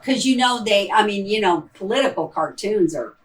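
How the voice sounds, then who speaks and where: Taking questions from the audience after a performance, this Ohio actress with a Midwestern accent rambles hesitantly, full of ums and restarts. Her medium-pitched voice is expressive at a normal speed, though the distant mic gives poor audio.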